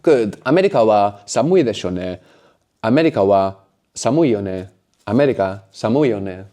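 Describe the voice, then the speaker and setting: A man's voice: on the low side, lively intonation, fairly quick, mellow. A man teaching a language lesson, explaining patiently and often closing points with a questioning "no?".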